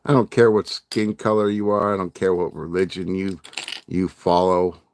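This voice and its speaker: A man's voice: sits low, flat delivery, normal speed, a little mellow, a little hiss or hum. A middle-aged man hosting a casual livestream, rambling and joking with his chat and laughing often. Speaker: livestream host.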